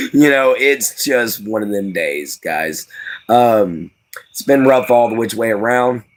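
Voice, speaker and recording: A man's voice: mid-range voice, animated, takes it slowly, a bit bright. A tired man from Louisiana with a light Cajun accent, chatting casually and folksily as a live-stream host, rambling with lots of fillers. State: tired from lack of sleep.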